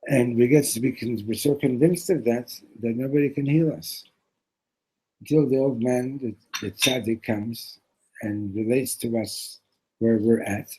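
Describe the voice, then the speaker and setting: Guy teaching torah class by telling a parable, husky low-key voice, lots of restarts. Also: steady tone, measured pace, a little mellow, rough recording. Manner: loose, with restarts and Hebrew terms. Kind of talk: storytelling lesson.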